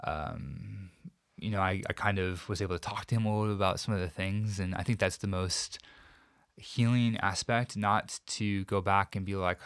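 A man as an interview guest, recounting a painful personal story in a reflective, halting way with many restarts. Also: low-pitched, fairly even intonation, a bit bright, no echo, studio quality.

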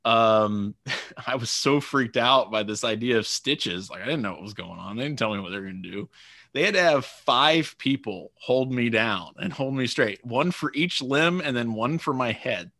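A man co-hosts a podcast, talking reflectively and casually with plenty of ums. His voice is bright and forceful, recorded dry and close. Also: mid-range voice, normal speed, dry recording. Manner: reflective, chatty, with frequent ums. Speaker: podcast co-host. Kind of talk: casual chat.

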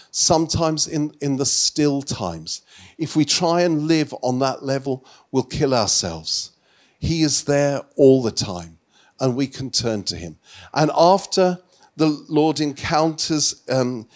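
A man preaching a sermon, telling a Bible story with lively acted-out dialogue and frequent stammered restarts. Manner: animated storytelling preacher, acts out Bible dialogue with rising pitch.

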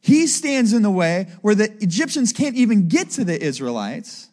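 A preacher with a high-sitting, darkish voice and big pitch swings teaches at normal speed in a conversational sermon. He frequently asks his listeners "right?" as he goes.

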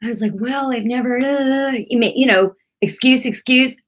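A woman's voice: sits high, normal speed. Casting note: middle-aged woman, earnest, chatty devotional teacher. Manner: earnest, conversational, repeats phrases with many fillers. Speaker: Christian teacher.

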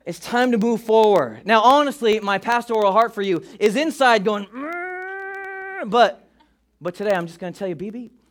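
A male pastor preaching a sermon to a church, telling funny stories in a lively way. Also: high-pitched, fairly quick. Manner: animated, humorous storytelling. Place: church auditorium.

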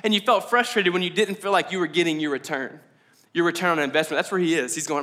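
A man preaching a conversational sermon at a church service, casual and animated, with many likes and ums. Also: sits high, fast. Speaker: pastor.

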